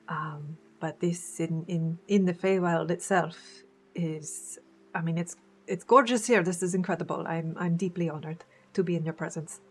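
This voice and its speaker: A woman playing a tabletop game who speaks softly and politely in character, with halting restarts. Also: lowish voice, fairly even intonation, a little hiss or hum. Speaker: player.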